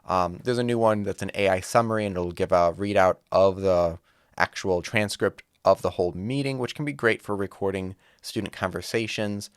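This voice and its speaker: A man's voice: deep voice, steady tone, normal speed, clear, resonant tone, no echo, studio quality. A man casually explaining how to set up a virtual classroom, demonstrating as he talks. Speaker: music teacher. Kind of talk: online teaching tutorial. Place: home studio with green wall. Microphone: studio microphone.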